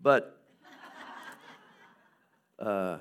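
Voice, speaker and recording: A man preaching a sermon in a conversational way, with fillers and short laughs, sometimes acting out skeptical questions in a higher voice. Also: extremely slow, a bit bright, a little hiss or hum. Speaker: pastor.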